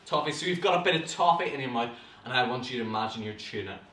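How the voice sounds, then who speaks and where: A young Northern Irish man teaches a beginners' acting class with bright, encouraging energy. His voice rings around an echoey studio room, picked up from some way off the mic. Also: medium pitch, very fast. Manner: lively, encouraging, coaching warm-ups aloud. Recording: roomy echo, from a distance.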